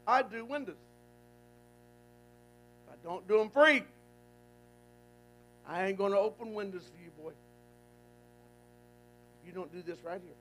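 A preacher doing God as a folksy scold. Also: male voice, high voice, unhurried, long pauses, a bit bright, pitched below the performer's own voice, poor audio. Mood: chiding. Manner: folksy, chiding. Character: God as a blunt, scolding male deity.

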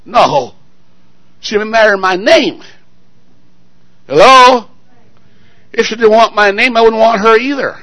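A married man preaching a sermon, firing call-and-response questions at the congregation and swinging between loud exclamations and quiet asides. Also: sits high, slow pace, long pauses, no echo, low-quality recording. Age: adult, married.

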